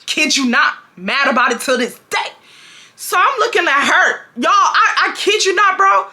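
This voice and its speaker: A woman in her twenties from Houston, telling a storytime to her viewers in casual slang, acting out what others said. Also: moderate pace. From Houston, Texas. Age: 20s. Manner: animated, slangy, acts out quotes with big pitch jumps. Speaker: storytime vlogger.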